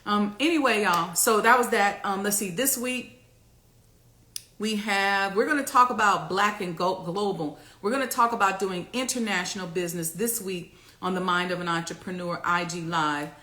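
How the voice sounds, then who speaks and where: A woman hosting a casual talk to camera, preaching and rallying her viewers with loud, repeated exhortations. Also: medium pitch, normal speed, reverberant. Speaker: host.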